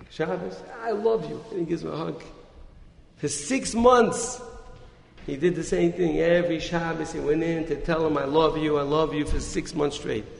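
A man's voice: fairly high pitch, vocal fry. A man giving a sermon, telling a story and acting out the quoted lines with a rising and falling voice. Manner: animated storyteller, acts out quotes with rising and dropping voice. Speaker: rabbi giving a Torah talk. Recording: echoey hall, faint noise.

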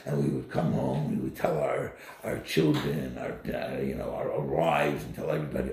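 A man giving a Torah lecture, telling stories in an animated, emphatic way, recorded in an echoey room. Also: very deep voice, moderate pace, gravelly, few pauses. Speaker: Torah teacher.

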